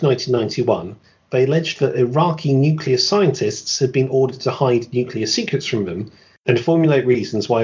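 A man's voice: medium pitch, darkish tone, muffled recording. A man hosting a podcast, reading a scripted history narration and breaking off for dry, sarcastic asides. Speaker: podcast host.

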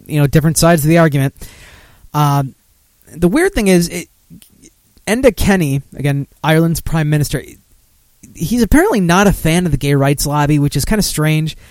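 A man's voice: a little high, a little mellow, no echo. Rambling man hosting a podcast. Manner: rambling, full of fillers and self-corrections. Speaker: podcast host. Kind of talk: casual podcast rant.

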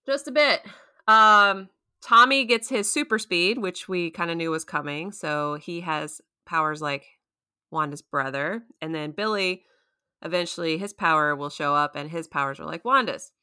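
Bright-voiced woman recapping with gusto. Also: fairly low pitch, normal speed, clear, resonant tone. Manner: animated storytelling, acting out quotes with voice shifts. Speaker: podcast co-host recapping a TV episode. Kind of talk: casual chat.

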